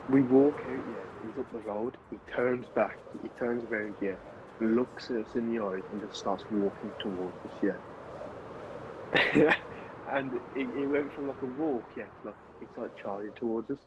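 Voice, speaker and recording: On a muffled recording with a noisy background, a young male streamer tells a meandering story to his friends during a casual gaming chat. He keeps restarting and laughing, speaking at a normal speed with a medium-pitched voice.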